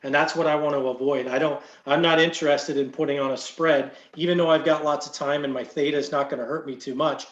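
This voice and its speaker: A man's voice: a little high, fairly even intonation, fast talker, few pauses, echoey room, muffled recording. A man coaching stock trades in casual chat, explaining in a loose way with many fillers. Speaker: trading coach.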